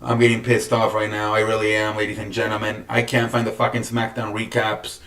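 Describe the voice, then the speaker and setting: A man's voice: lowish voice, completely flat delivery, a little fast, a bit bright. A man hosting a solo sports podcast, rambling and swearing with many restarts. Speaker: podcast host. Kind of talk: casual solo sports talk. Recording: echoey room, distant from the mic.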